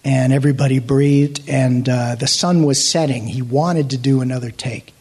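A man with a husky, slightly breathy voice tells a deeply personal story. He halts, repeats himself and restarts, often letting his voice fall to a hushed near-whisper. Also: steady tone. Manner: hesitant, halting with many restarts, sinking to hushed near-whispers. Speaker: actor sharing a testimony.

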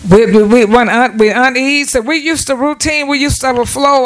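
A woman's voice: high-pitched, a little fast, hardly any pauses, fairly bright tone. A woman preaching a devotional sermon at home, earnest and repetitive, often breaking in with amens. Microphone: self-set camera.

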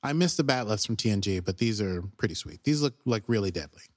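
A young man co-hosting a podcast, excitedly recapping an episode in casual chat and acting out the characters' lines. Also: fairly low pitch, fast talker. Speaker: podcast co-host.

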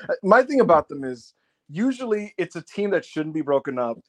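A man's voice: fairly high pitch, very animated, brisk. A man co-hosting a casual wrestling review show, rambling and joking. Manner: rambling, mocking impressions. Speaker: podcast co-host.

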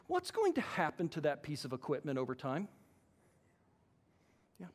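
A man preaching a sermon as pastor, animated and acting out the voices he quotes. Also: high-pitched, moderate pace, pauses often. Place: church hall. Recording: long hall reverb.

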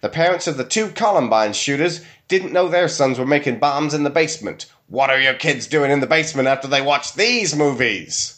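A man's voice: medium pitch, expressive, moderate pace, hardly any pauses, a bit bright, pitched above the performer's own voice, natural voice. A man voicing an outraged, preachy male reviewer in a put-on American Southern accent. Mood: outraged preaching. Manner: alarmed, preachy.

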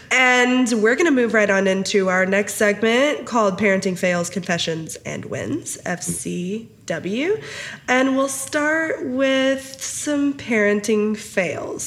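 A woman's voice: mid-range voice, takes it slowly, a bit bright. Giggly chatty woman podcast host. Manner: giggly, chatty, says "like" often. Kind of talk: casual podcast chat.

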